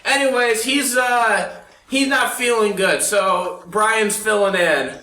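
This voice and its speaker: A man's voice: sits high, takes it slowly, bright, forceful tone, reverberant, voice pushed up, heavily acted, low-quality recording. A man voicing a flustered male crook who bluffs a guard with a rambling, stumbling excuse. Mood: nervous bluffing. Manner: rambling, stumbling over fillers.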